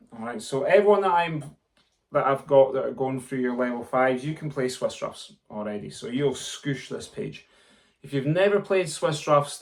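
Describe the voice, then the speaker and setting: In a gravelly, mid-range voice, a man instructs a student in snare drumming, calling out counts and vocalizing each rhythm. The drum tutor's lesson is recorded with loud background noise and a snare drum playing.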